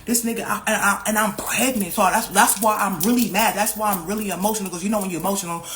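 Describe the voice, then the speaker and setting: A woman's voice: mid-range voice, fast, a little hiss or hum. A woman in the middle of a casual story, talking in a mid-range voice. She swears freely and piles on slang. When she repeats what others said, she raises her voice and acts their lines out. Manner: profane, slang-heavy, animated retelling.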